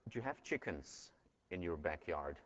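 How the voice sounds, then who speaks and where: A man voicing a calm, commanding village rabbi who gives terse instructions, heard in a dull recording from a lecture hall. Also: low-pitched, normal speed, a little hiss or hum.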